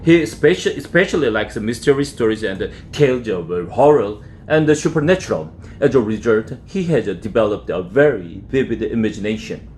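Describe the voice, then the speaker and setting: A Korean-accented man reads a children's novel aloud. His delivery is careful and deliberate, and his intonation rises and falls a lot. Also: lowish voice, lively intonation, darkish tone, a little hiss or hum. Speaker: English teacher.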